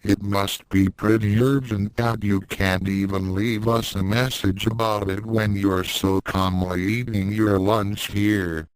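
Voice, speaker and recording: A man's voice: on the low side, little pitch movement, a little slow, hardly any pauses, clean tone, dry recording, natural voice, poor audio. A man reading a story aloud, voicing a pushy blond teenage boy who presses with questions. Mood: reproachful.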